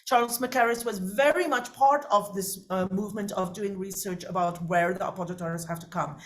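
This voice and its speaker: A woman coaching singers in a masterclass, lively and chatty with quick asides to her students. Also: mid-range voice. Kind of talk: masterclass teaching.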